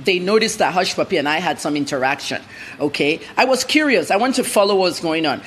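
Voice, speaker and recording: A woman's voice: lowish voice, expressive, fast, slight background noise. A woman journalist, a guest in a TV news interview, telling her story bluntly and with animation.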